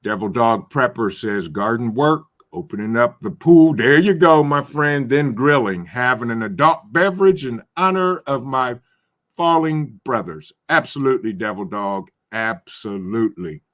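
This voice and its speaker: This livestream host speaks in a medium-pitched, fairly bright voice that is animated yet unhurried. In a casual chat, he reads viewers' comments out loud, greeting each by name and chuckling a lot.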